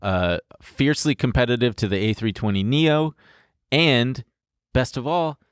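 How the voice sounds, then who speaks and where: A man's voice: medium pitch, measured pace, clean tone, no room sound, studio quality. A man co-hosting a podcast, explaining at length in a casual, profane way. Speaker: podcast co-host. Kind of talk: casual chat.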